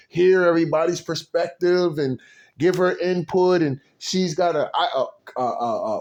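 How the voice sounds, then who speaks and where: A man's voice: a little high, a little mellow. A man hosting a casual reaction commentary, rambling and profane, with many fillers. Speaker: commentary channel host.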